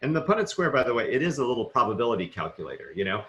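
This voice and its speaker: A middle-aged man giving a recorded university lecture, talking quickly and casually with lots of fillers and rhetorical "right?" checks. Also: medium pitch, big pitch swings, a bit bright, reverberant, dull audio.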